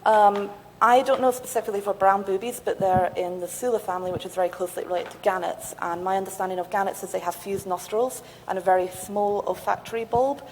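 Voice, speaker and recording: A woman's voice: mid-range voice, steady tone, fast, hardly any pauses. Woman speaker in a reverberant lecture hall. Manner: apologetic, thoughtful answering. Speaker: conference speaker. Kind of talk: conference talk and Q&A answers. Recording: reverberant hall with faint noise.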